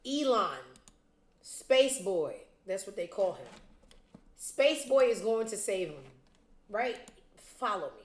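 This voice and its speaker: A woman's voice: medium pitch, big pitch swings, slow, long pauses, echoey room. A woman hosting a casual commentary show, blunt, profane and sarcastic, talking straight to her viewers. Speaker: show host.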